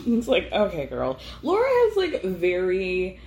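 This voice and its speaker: A woman's voice: mid-range voice, wildly swooping pitch, slow, a little mellow, a little hiss or hum. Chatty woman recapping, roomy sound. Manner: chatty, filler-heavy, laughing often. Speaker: podcast host. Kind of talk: casual recap chat. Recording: roomy echo.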